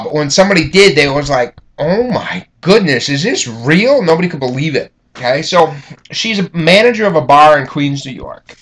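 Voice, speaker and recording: A man's voice: on the high side, fairly bright tone. A man giving a casual classroom lecture, with a conversational manner, many fillers, and frequent "okay?" check-ins.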